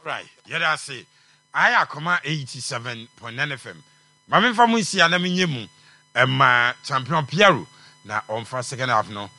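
Lively Ghanaian radio host, bright voice. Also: male voice, mid-range voice, no echo. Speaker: radio sports show host. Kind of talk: radio call-in hosting and announcements.

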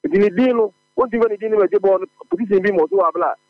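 A man with a Ghanaian accent calling in to a sports radio show, rambling excitedly over a dry, tinny phone line. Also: high voice, fast talker, no room sound. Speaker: caller.

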